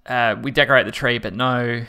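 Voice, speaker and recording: A man chatting casually as a podcast guest, relaxed with hesitant pauses. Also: mid-range voice, clean tone. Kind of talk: casual chat.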